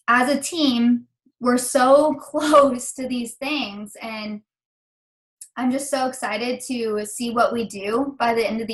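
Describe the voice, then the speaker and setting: A woman's voice: on the high side, a bit bright, rough recording. A young woman leading a team call, emotional and close to tears, rambling with many fillers as she encourages her team. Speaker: team leader. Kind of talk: team call pep talk.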